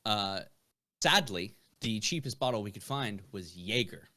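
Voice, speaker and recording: Young man, podcast guest, bright forceful voice, rambling stories, swearing, casual. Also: on the low side, animated, a little slow. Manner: rambling anecdotes with fillers and profanity. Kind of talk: casual storytelling.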